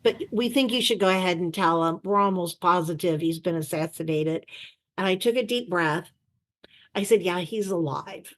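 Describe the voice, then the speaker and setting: A woman guest in an interview, telling an anecdote in a lively way and acting out the voices she quotes, over a video call. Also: fairly low pitch, normal speed. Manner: animated storyteller who acts out quoted voices. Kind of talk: anecdotal storytelling.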